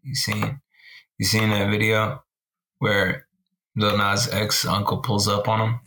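Gravelly, laughing podcast co-host man. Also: on the low side, slow pace. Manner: animated, laughing storyteller, slangy. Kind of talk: casual chat.

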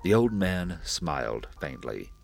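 A man narrating a classic horror story in a deliberate, measured reading. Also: low-pitched, big pitch swings, vocal fry. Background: faint music.

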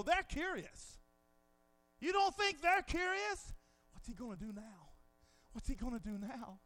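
Preacher, male, very high voice, bright and forceful, dramatic sermon delivery. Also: lively intonation, moderate pace. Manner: swings from near-whispers to shouted peaks; dramatizes scenes with quoted dialogue.

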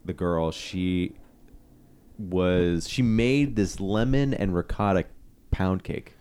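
A man co-hosting a podcast in casual chat, talking in a relaxed, chatty way with plenty of ums and uhs. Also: sits low, slow pace, smooth. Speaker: podcast co-host.

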